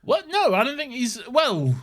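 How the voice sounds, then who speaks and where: A man's voice: very high voice, huge pitch swings, normal speed. A man co-hosting a podcast in casual chat, teasing his co-host and swearing freely.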